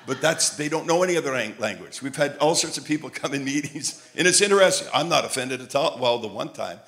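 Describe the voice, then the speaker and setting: A man preaching a sermon, telling lively stories and repeating phrases like a chant. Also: medium pitch, fast talker. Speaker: traveling preacher. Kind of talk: sermon with storytelling.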